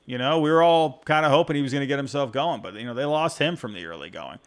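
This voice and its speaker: A man's voice: mid-range voice, lively intonation, quick pace. A man hosting a casual postgame call-in show, talking in a rambling, self-interrupting way as he answers fan voicemails. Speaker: podcast host taking fan calls. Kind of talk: casual postgame sports reaction.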